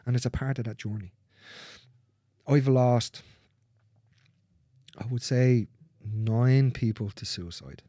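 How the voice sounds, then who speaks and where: Man, mellow low voice, earnest, swears, sometimes near a whisper, dry close sound. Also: takes it slowly, pauses often, no room sound. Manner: earnest, repetitive, swears freely. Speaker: guest. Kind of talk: candid conversation.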